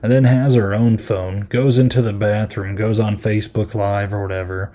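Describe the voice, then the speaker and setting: A man's voice: on the low side, flat delivery, normal speed, dark tone. A man hosting a podcast and reviewing a film in casual chat, rambling and amused, with lots of ums and likes.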